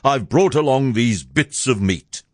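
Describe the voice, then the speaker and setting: A man doing a gruff, soft-hearted huntsman. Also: medium pitch, expressive, unhurried, no echo, clean studio sound, natural voice. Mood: servile. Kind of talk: storybook verse reading.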